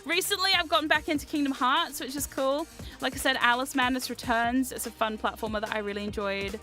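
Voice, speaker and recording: A woman's voice: high voice, steady tone, brisk, pushed and bright. A young woman streamer chatting casually and animatedly, reading chat aloud and swearing freely. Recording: faint music behind.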